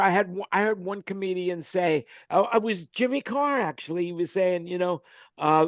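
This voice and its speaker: A man hosting a casual online panel chat. He talks in a jokey, rambling way and trails off quietly at the ends of his lines. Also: high-pitched, vocal fry, no room sound. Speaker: host. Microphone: video call. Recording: dull dry call audio.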